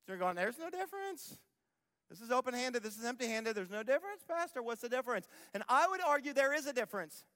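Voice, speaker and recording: In a church auditorium, a pastor delivers an emphatic sermon, repeating key phrases and acting out the voices of people he quotes. His voice is high-pitched and a bit bright, with a long reverb tail.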